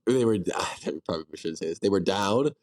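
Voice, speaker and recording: A man's voice: sits low, animated, a little fast, a little mellow, dry recording, studio quality. A young man in his twenties co-hosting a podcast in casual chat, his voice nasal and congested from a flu. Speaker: podcast co-host.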